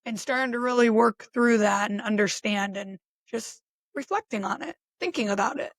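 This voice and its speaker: A woman with a fairly high voice muses aloud in an open, unstructured reflection. She talks casually and often restarts her thoughts. The sound is dry and close. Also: normal speed, no room sound. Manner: musing, conversational, with frequent restarts and short laughs. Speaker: self-reflection podcaster. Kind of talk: unscripted personal reflection monologue.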